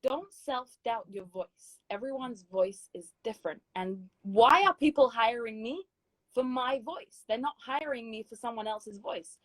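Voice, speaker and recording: A woman's voice: on the high side, unhurried, a bit bright, no room sound, low-quality recording. A woman with a British accent, a guest singer giving emphatic, encouraging advice in a casual chat interview. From Britain.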